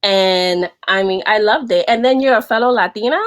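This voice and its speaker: A woman from the Bronx with a New York accent, chatting excitedly as a podcast guest over a video call. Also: mid-range voice, moderate pace. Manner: animated, excitable storyteller. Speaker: guest, wardrobe stylist. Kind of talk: casual chat.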